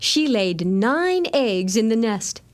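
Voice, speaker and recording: A woman narrating an animated storybook in a gentle, measured storytelling manner. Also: a little high.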